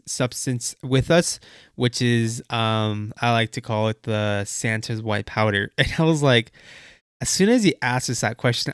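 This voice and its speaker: A young man tells a story in a relaxed, rambling way, full of "like" and quoted asides. His voice is smooth and clear at an ordinary pitch. The sound is dry and close, with no room echo. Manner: casual, many fillers and quoted asides. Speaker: car channel host. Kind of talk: casual storytime vlog.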